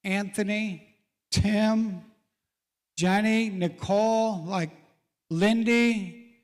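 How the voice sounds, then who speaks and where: High-voiced man speaking in an echoing hall. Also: fairly even intonation, drawn-out words. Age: middle-aged. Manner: folksy, encouraging, addresses audience by name. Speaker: real estate event host. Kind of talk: live event speech. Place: large event hall. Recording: reverberant event hall.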